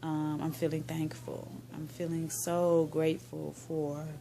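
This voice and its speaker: A woman from Tennessee, speaking in a soft, heartfelt personal monologue that drifts into whispers. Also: deep voice, little pitch movement, a little slow, gravelly, slight background noise. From Tennessee, USA. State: emotional, near tears. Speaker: vlogger.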